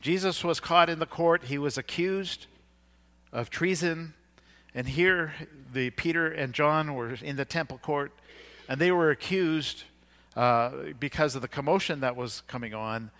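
Relaxed, conversational male preacher. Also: a little high, a little slow. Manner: conversational, retells scripture in plain words with fillers and restarts. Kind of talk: sermon.

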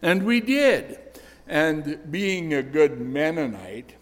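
An older man preaches a sermon, earnestly recounting personal stories at a slow pace. His voice is a little high with big pitch swings, and the church hall gives it an echoey reverb.

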